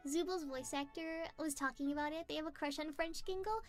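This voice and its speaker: A woman's voice: sits high, normal speed, few pauses. A woman chatting casually with her livestream viewers, bubbly and giggly, reading out their messages. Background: faint background music.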